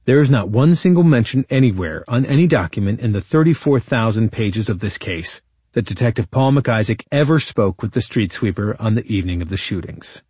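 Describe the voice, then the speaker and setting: Male attorney-narrator for a true-crime audiobook; low, dry, measured and indignant. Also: lively intonation, mellow, husky, no room sound. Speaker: attorney narrating his own case.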